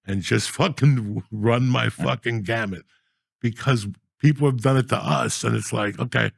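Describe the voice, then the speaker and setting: Gravelly low-voiced man, blunt and profane. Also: dry recording, studio quality. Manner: blunt, swears heavily. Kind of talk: casual profane chat.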